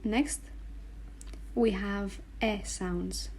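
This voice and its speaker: Slow, patient woman teaching letter sounds. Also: medium pitch, fairly even intonation, darkish tone, slight background noise. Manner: slow, patient, spells out sounds and repeats them. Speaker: Greek language teacher. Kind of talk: explaining letters on a board.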